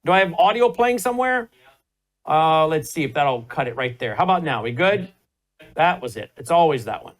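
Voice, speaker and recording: A man's voice: a little high, lively intonation, normal speed, low-quality recording. A man in his fifties hosting a talk show, speaking emphatically and addressing viewers directly as folks. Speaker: host.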